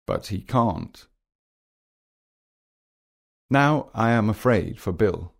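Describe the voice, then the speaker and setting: A man narrating a children's graded reader in a plain, measured, simple way. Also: lowish voice, gravelly.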